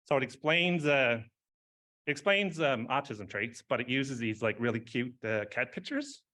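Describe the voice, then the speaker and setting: A man's voice: mid-range voice, lively intonation, moderate pace, pushed and bright. A man giving an informal speech at an award ceremony, rambling, with many fillers and frequent laughs.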